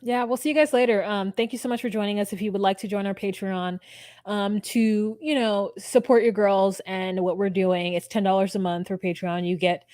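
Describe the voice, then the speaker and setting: A woman's voice: mid-range voice, fairly even intonation, moderate pace, a little mellow, dry recording, studio quality. A young woman co-hosting a podcast, recapping casually, laughing often and mimicking people she quotes. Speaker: podcast co-host. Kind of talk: casual reality-TV recap chat.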